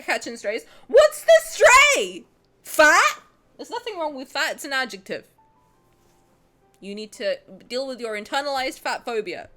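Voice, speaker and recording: A woman's voice: a little high, a bit bright. A young woman streaming from home, bantering with her chat, swearing freely and breaking into laughter. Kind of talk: casual live-stream chat.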